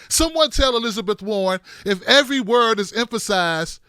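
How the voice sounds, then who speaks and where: High, bright-voiced sarcastic male commentator. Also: moderate pace, hardly any pauses, clear, resonant tone, dry recording, clean studio sound. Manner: animated, sarcastic, emphatic. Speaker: political commentator. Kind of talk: political commentary vlog.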